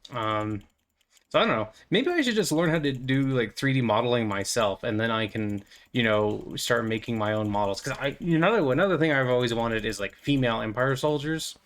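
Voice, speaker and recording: A man's voice: mid-range voice, lively intonation, fairly quick, a bit bright. A young man with an ordinary mid-range voice rambles through his gameplay in loose, filler-heavy chatter. He keeps drifting into silly, playful asides as he talks to his viewers. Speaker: gaming channel host. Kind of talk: casual commentary while playing.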